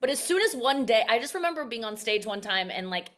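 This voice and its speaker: A woman comedian in her thirties speaks in a casual interview. Her voice sits on the higher side. She is candid and self-reflective, and she often restarts her thoughts mid-sentence. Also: very animated, quick pace. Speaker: comedian guest.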